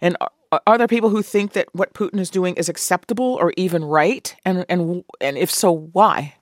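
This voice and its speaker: A woman hosting a radio news program, asking measured, probing questions. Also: on the low side, no echo, clean studio sound. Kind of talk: news interview.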